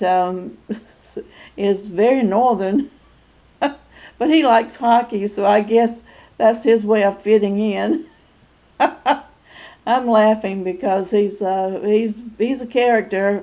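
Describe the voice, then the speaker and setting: A woman in her sixties with a North Carolina Southern accent, talking casually to camera in a halting way with many fillers and frequent chuckles. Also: medium pitch, mellow. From North Carolina, USA. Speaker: YouTube channel host. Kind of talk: casual personal vlog.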